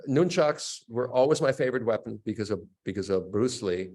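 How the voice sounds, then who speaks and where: A man in his fifties, an action actor guest, telling stories in a lively way, acting out sound effects and often laughing as he talks. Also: medium pitch, brisk. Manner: animated storyteller acting out quotes and sound effects. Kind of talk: casual storytelling interview.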